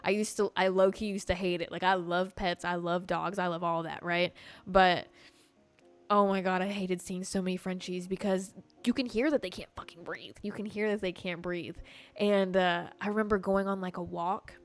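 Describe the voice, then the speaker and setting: A young adult woman hosting a podcast, telling stories in casual chat, animated, packed with "like" and swearing, with faint music behind. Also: lowish voice, normal speed. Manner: animated, swears often, heavy "like" filler. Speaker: podcast host.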